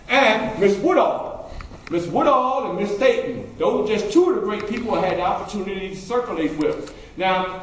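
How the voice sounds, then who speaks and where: A man's voice: high-pitched, a little hiss or hum. A man performing a historical figure in first person, telling his life story in a folksy way and quizzing the audience. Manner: folksy, asks the audience questions. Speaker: historical reenactor. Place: library event room. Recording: very echoey room, faint ambience.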